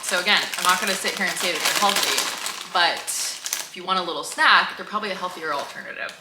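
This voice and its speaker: A woman's voice: fairly low pitch, a little fast. A woman vlogger in casual chat, chatty and giggly, correcting herself as she goes. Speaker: lifestyle vlogger. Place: apartment. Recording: echoey room, faint noise.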